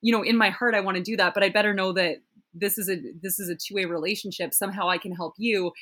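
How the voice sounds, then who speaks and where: A woman's voice: mid-range voice, fast. A woman in casual conversation, telling stories with animation and slipping into the voices of people she quotes. She speaks as a tech founder talking with a friend. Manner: animated storytelling, acts out quoted exchanges.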